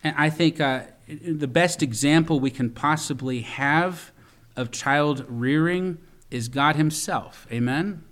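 Man preaching with loud swings. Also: a little high, takes it slowly. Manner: storytelling preacher, swings from loud emphasis to quiet asides; repeats words and restarts lines while preaching. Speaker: pastor. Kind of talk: sermon.

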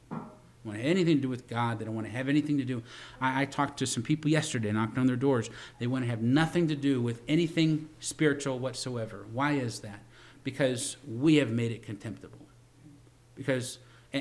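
Earnest man preaching a sermon. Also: medium pitch. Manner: earnest, repeats words as he builds, swells louder for emphasis. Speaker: pastor.

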